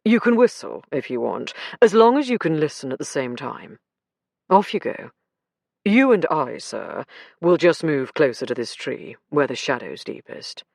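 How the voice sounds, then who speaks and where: A brisk, bossy inspector handing out orders in a lowered voice, as a woman reading an audiobook puts him on. The recording is dry and close. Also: very animated, gravelly, a little mellow, no room sound, full character voice. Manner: brisk, commanding.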